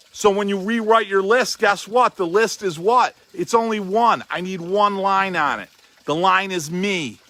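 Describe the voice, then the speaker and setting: A man's voice: high voice, pushed and bright, dry recording. A man giving an emphatic motivational talk as a chiropractic coach, repeating himself and swearing casually.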